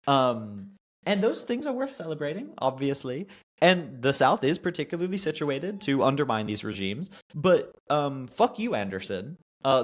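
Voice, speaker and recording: A man with a lively, swinging pitch rants through political commentary on a casual talk show. He is sarcastic and profane, and his voice climbs and drops a lot as he gets worked up. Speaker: podcast host.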